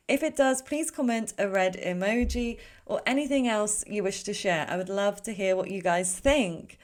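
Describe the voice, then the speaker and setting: A woman reads tarot cards for her viewers in a relaxed, rambling way. She fills her talk with fillers, breaks off mid-thought and corrects herself as she goes. Her voice sits at an ordinary middle pitch. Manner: chatty, rambling, with frequent fillers and self-corrections. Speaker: tarot reader. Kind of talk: casual pick-a-card tarot reading.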